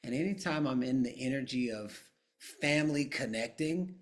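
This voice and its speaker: A middle-aged man talking casually on a live coaching call, guiding listeners through a quiet exercise. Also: medium pitch, moderate pace. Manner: conversational, drifting into hushed guided prompts. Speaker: coach and trainer.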